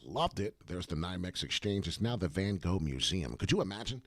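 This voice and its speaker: A man hosting excited crypto chart commentary, repeating himself and dropping rhyming asides. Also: low-pitched, brisk, no room sound, studio quality. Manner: animated, repetitive, rhyming asides. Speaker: crypto chart analyst host.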